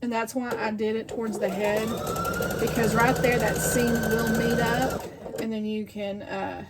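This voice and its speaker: A woman's voice: fairly high pitch, little pitch movement, a little slow. A woman hosting a casual sewing tutorial, thinking aloud and rambling as she grows frustrated with her work. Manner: talks to herself, frustrated and rambling. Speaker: quilting video host. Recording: sewing machine noise behind.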